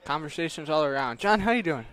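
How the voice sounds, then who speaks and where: A man's voice: on the high side, expressive, fast, a bit bright. A man doing color commentary in a ballpark booth, laid-back and throwing in playful asides. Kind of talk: joking baseball color commentary. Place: outdoor ballpark broadcast booth.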